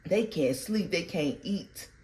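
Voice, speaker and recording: A woman giving a casual tarot reading to her viewers, animated and slangy. She breaks into bits of song and laughs often. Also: on the low side, slow pace. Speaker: tarot reader.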